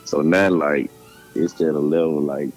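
A young man with a Memphis Southern accent answering interview questions in a halting, laid-back way, full of fillers and restarts. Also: very deep voice, fairly even intonation, a little mellow, soft background music, rough recording. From Memphis, Tennessee. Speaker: rapper guest.

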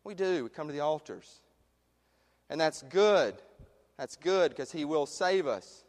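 A man preaching a sermon as pastor, passionate, rising to loud emphasis and dropping to hushed questions. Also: a little high, expressive, measured pace. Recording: long reverb of a large hall.

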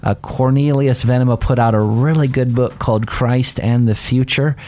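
A man, a pastor co-hosting the show, leading the questions and adding quick asides in casual discussion. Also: mid-range voice, fairly even intonation, mellow. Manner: moves the talk along, adds quick asides. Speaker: pastor, podcast co-host.

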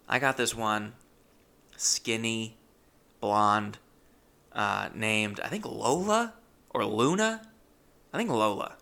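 A man's voice: lowish voice, lively intonation, slow pace, gravelly, long pauses, bright, forceful tone. A man telling a rambling, awkward, self-deprecating comic story with many restarts. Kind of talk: stand-up storytelling.

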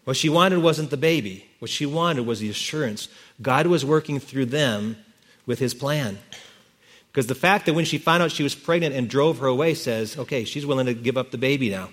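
A man preaching a sermon as pastor, telling the story in a lively way and correcting himself as he goes. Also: medium pitch, normal speed.

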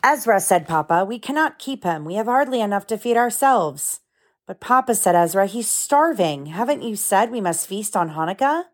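A mother reads a picture book aloud at home in a mid-pitched voice. She stops now and then to explain the story to her children in plain, simple words. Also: animated, normal speed.

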